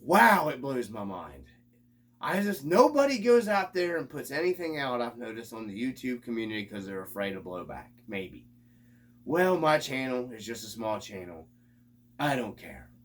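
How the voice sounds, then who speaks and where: Ranting man with a lively, swooping voice. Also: medium pitch, normal speed. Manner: exasperated, ranting, swears freely. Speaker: RC hobby channel host. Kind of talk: casual vlog rant.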